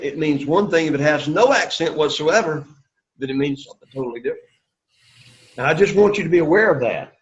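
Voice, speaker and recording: A man's voice: fairly high pitch, highs cut off. A middle-aged man teaching a Greek class, lecturing to students in an emphatic way and repeating his key points.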